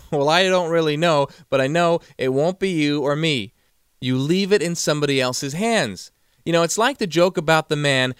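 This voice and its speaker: In a dry, studio-quality recording, a motivational speaker with a slightly high, fairly bright, clear and resonant voice tells stories. He acts out each quoted voice as he goes.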